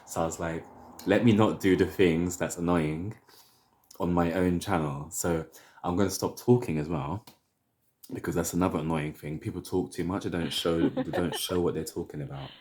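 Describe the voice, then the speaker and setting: A man in his thirties from London talks casually to camera, opinionated and rambling. His London accent is plain, and his voice sits very low. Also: steady tone, a little mellow, a little hiss or hum. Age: 30s. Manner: chatty and opinionated, drawn-out asides. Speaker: hair vlogger.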